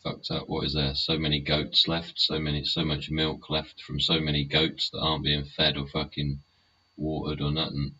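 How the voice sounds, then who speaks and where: Deep bright-toned bloke ranting, swears constantly, muffled lo-fi audio. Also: male voice, completely flat delivery, normal speed. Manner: heavy swearing, tag questions. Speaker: host of a live solo show. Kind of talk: rambling live chat. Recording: muffled lo-fi sound, faint hiss.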